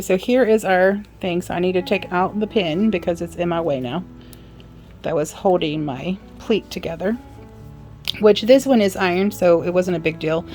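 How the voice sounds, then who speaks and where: Woman with a lowish voice talking thru a sewing how-to, chatty, faint music behind. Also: a little mellow. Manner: chatty, apologetic asides, talks while working. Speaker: sewing instructor. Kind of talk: casual how-to demonstration.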